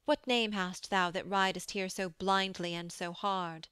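Woman doing stern proud knight guy, cold and bossy, slow. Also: medium pitch, fairly even intonation, fairly bright tone, smooth, no echo, studio quality, close to an everyday voice. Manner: cold and commanding.

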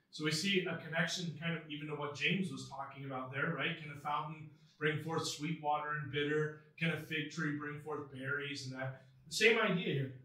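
Earnest preacher, high voice, heavy church echo from a distant mic. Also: male voice, normal speed, bright, forceful tone. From United States. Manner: earnest, reads scripture aloud with emphasis. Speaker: pastor. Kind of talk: sermon. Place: church sanctuary. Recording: echoey church hall from far off.

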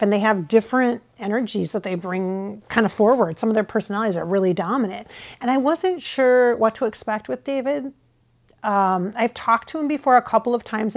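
An American woman talking casually to camera in a rambling, hesitant way, often restarting her sentences. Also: mid-range voice. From United States. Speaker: channeler. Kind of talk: casual spoken reflection to camera. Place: at home with her husband filming.

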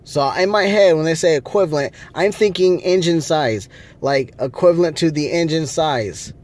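A man's voice: fairly high pitch, moderate pace, a little mellow. A man vlogging from a rental car, ranting angrily with lots of swearing. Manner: angry, profane ranting. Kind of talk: casual vlog rant.

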